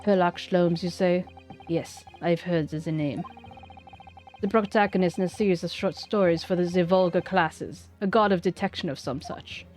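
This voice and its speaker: A woman's voice: fairly low pitch, normal speed, a little mellow, faint music behind, lightly acted. Woman reading a pompous aristocratic prosecutor. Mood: scornful. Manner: pompous, disdainful. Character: haughty, scornful aristocratic male prosecutor.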